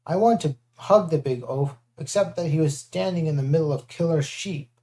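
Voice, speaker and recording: A first-person audiobook reading, lively and shifting into character voices. The timbre sits dark and mellow at a middle pitch. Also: moderate pace. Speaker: audiobook narrator.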